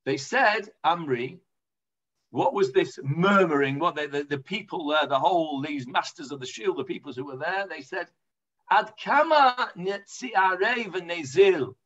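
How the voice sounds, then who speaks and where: A man's voice: fairly high pitch, normal speed, a bit bright, lo-fi sound. A man with an English accent teaching an informal Talmud class, chatty and full of hesitations. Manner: chatty explaining, lots of hesitations.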